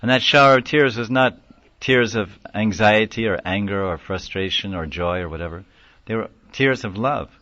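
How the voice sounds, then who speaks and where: A man's voice: fairly low pitch, normal speed, pushed and bright, dry recording. A man giving a conversational devotional lecture, acting out quoted voices and chuckling now and then. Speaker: lecturer on scripture. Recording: dull lo-fi dry recording.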